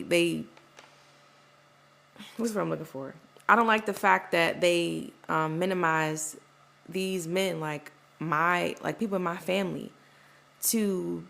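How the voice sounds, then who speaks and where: A woman's voice: fairly low pitch, gravelly. A young woman hosting a podcast, talking in a loose, rambling way with lots of "like" and "you know", acting out the voices of people she quotes. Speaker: podcast host. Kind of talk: casual personal monologue.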